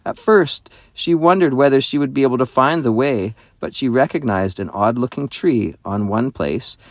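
A man reading a children's novel aloud with expressive storytelling. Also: mid-range voice, moderate pace, dry recording. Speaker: narrator. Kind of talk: audiobook narration.

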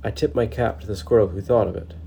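A man voicing an old-fashioned gentleman squirrel who talks slowly in a posh, old-time way. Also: lowish voice, steady tone, creaky, slight background noise. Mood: admiring.

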